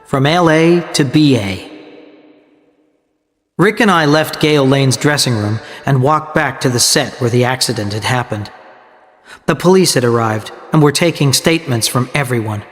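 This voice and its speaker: A man's voice: medium pitch, moderate pace, soft background music. Man reading a story steadily in a reverberant hall. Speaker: narrator. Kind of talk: scripted story narration for learners.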